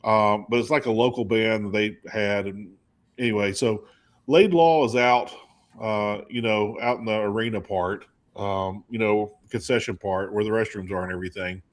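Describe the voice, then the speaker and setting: Rambling man telling a story. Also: moderate pace. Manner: rambling, animated storyteller with high put-on quoted voices. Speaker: co-host. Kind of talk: casual storytelling.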